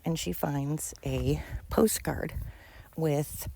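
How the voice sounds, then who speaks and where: Gravelly, emphatic podcast host. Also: mid-range voice, steady tone, very slow, dark tone. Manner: emphatic and repetitive, swears freely. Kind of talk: casual storytelling monologue.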